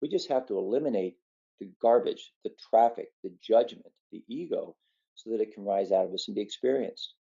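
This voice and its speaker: A man's voice: fairly low pitch, fairly quick, creaky, warm tone, dull audio. Earnest man talking on meditation. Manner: earnest, conversational, tells a folksy story. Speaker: physician giving a meditation talk. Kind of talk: spoken talk on meditation.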